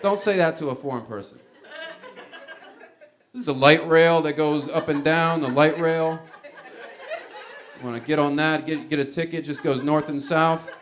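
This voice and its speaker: A male stand-up comedian spins a loose, rambling story from a comedy stage. His voice sits a bit high for a man. He often chuckles and trips over his own restarts. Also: moderate pace, long pauses, a bit bright.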